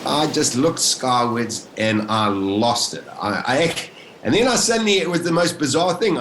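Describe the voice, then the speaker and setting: A man's voice: mid-range voice, echoey room, slight background noise, poor audio. A man from South Africa, a podcast guest, recounting a survival ordeal vividly and acting out his own thoughts. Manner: animated, vivid retelling with acted-out inner thoughts. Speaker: interview guest. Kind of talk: emotional first-person storytelling.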